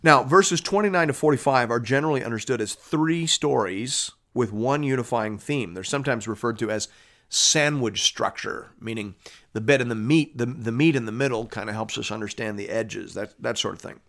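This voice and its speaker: A pastor teaching the Bible on the radio at a mid-range pitch. He talks through scripture in an easy, conversational way and keeps asking "right?" as he goes. When he drives a point home, his voice climbs high and gets louder. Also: normal speed, vocal fry. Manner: conversational, often asks "right?" and restarts mid-phrase; rises sharply in pitch and volume when pressing a point.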